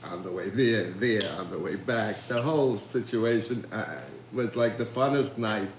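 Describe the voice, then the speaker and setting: A man's voice: lowish voice, normal speed. A man in a casual livestream conversation, reflective and laughing as he talks. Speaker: participant in a group chat. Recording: echoey room, far from mic, noisy.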